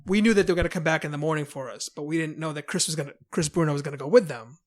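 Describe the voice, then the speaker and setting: A man from New York telling band stories in a casual podcast chat, lively and quick to act out quotes. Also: fairly high pitch. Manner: chatty, lively storyteller who acts out quotes. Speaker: podcast guest, band member.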